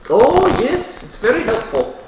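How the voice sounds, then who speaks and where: A soft-spoken, odd dwarf woman who keeps to herself, put on by a man, stumbling through her words with constant pauses and fillers. Her voice rises and falls a lot. It rings with a heavy echo over a steady hiss of noise. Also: very high voice, pitched above the performer's own voice, heavily acted. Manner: hesitant, halting with many fillers.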